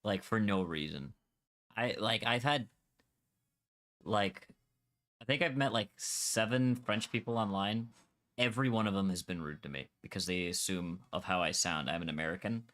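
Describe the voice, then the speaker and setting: Animated Scottish man, bright edgy voice. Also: on the low side, moderate pace. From Scotland. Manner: animated, argumentative, swears freely. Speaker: Minecraft server streamer. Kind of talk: casual gaming chat.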